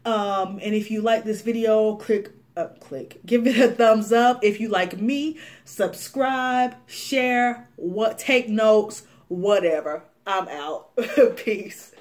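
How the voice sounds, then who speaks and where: Animated young woman ranting to camera. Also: medium pitch, slow, hardly any pauses. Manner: animated, laughs often, many fillers. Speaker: beauty vlogger. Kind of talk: casual rant to camera.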